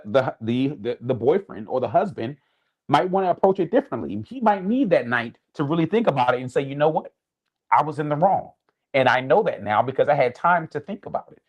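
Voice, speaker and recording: A man's voice: on the high side, breathy edge, dull audio. A man co-hosting a podcast, giving advice in an earnest, casual way with many restarts. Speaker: podcast co-host.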